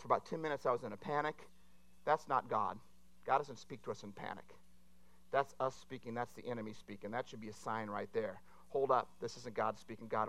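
Bright, forceful male preacher. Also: medium pitch. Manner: animated and conversational, with frequent asides to the audience. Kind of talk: sermon.

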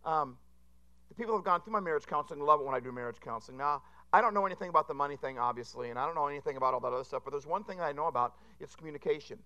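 A man's voice: a little high, lively intonation, rapid-fire, bright, forceful tone, lo-fi sound. A man preaching a sermon, telling rambling, self-deprecating jokes to a congregation. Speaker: pastor. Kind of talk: humorous sermon.

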